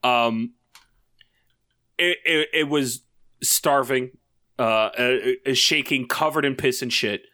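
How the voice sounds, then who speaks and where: A man telling a story on a podcast, stumbling over his words and filling pauses with "uh" and "um". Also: mid-range voice, steady tone, sharp tone, no echo, studio quality. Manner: halting, repeats words and fills with uh and um. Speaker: podcast co-host. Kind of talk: casual storytelling chat.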